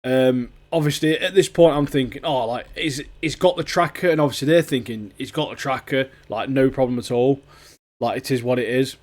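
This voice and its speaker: A man co-hosting a podcast, chatting in excitable, slangy banter. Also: medium pitch, brisk. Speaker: podcast co-host. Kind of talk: casual chat.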